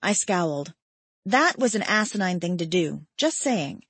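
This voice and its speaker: Woman reading a romance audiobook, steady chatty tone, super dry close sound. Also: fairly low pitch, a little slow, husky, no room sound. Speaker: audiobook narrator. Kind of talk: first-person romance narration.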